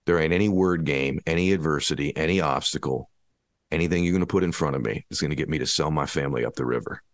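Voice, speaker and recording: A man's voice: rumbling low, quick pace, dry recording, studio quality. A man giving an impassioned motivational talk, hammering his points with repeated rhetorical questions. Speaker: motivational speaker.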